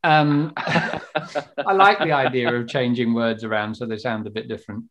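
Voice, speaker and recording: A man's voice: medium pitch, normal speed, noisy background. A man hosting a podcast in casual chat, giggly and rambling. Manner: giggly, rambling, warm-humoured. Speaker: podcast host.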